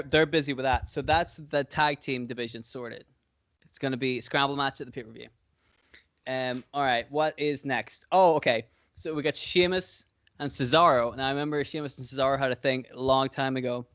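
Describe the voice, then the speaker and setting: Male podcast co-host, mid-pitched, rambly and profane, laughs a lot; dull lo-fi recording. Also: fairly bright tone. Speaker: podcast co-host booking wrestling shows. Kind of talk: casual chat.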